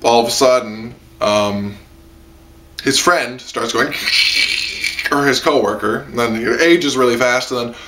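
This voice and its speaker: A man's voice: a little slow, bright, forceful tone, a little hiss or hum. A man giving a casual spoken anime review, rambling with lots of fillers. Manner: rambling, heavy on fillers, jumps into high-pitched mock quotes.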